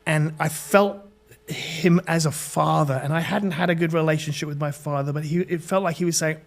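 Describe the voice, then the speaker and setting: British male guest, middle-aged, slightly higher voice, earnest testimony with stumbles. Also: fairly even intonation, vocal fry. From Britain. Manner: earnest storytelling, halting restarts. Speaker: podcast guest. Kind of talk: personal testimony in an interview.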